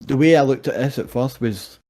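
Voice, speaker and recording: A young Scottish man talks through fight stats in a relaxed, sweary way. His voice is warm and mellow, and he slips into lively retellings of what other people said. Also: medium pitch, moderate pace. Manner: swears freely, animated storytelling. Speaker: co-host. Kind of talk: casual sports chat.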